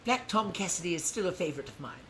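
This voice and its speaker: A man hosting a casual livestream, talking in a rambling, animated way and correcting himself as he goes. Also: sits high, fast talker, slight background noise, low-quality recording. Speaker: livestream host.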